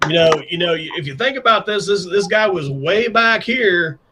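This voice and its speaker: Animated man hosting a live panel show. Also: high-pitched, normal speed, background noise. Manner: animated, builds suspense before announcements. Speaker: show host.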